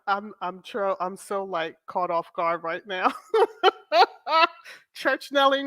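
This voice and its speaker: A woman's voice: fairly high pitch, fairly even intonation, very slow, sharp tone, no room sound. A woman hosting a casual livestream, chatting affectionately with viewers and breaking into laughter often. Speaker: host of a royal-news channel.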